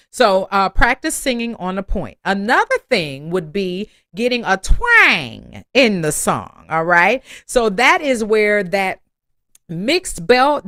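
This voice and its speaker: A woman's voice: mid-range voice, sharp tone, no room sound, clean studio sound. A woman voice teacher giving an online singing lesson, encouraging her students and breaking into sung phrases and vocal exercises.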